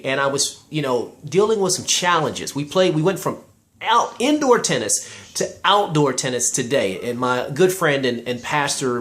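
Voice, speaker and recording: A man's voice: mid-range voice, a bit bright. A man giving an inspirational, sermon-style talk, emphatic and preacherly, addressing listeners directly and quoting scripture. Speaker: motivational speaker.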